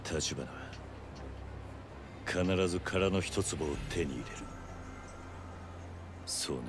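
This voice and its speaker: A man's voice: deep voice, a little slow, noisy background. An actor playing a defiant male captive who will not give in, in a video game, with a hard, steely delivery.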